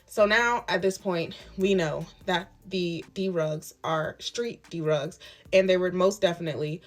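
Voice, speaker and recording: A young woman recounts her own story straight to camera, candid and emphatic. Her voice sits a little low, and she slips into the quoted words of the people in her story. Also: measured pace. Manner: emphatic and candid, retelling events with quoted dialogue. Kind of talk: storytime vlog.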